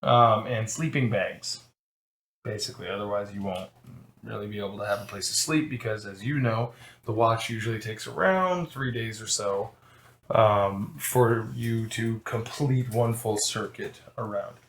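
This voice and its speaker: A man's voice: on the low side, a little slow, a bit bright. A man running a tabletop game as game master, talking casually with many restarts. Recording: echoey room.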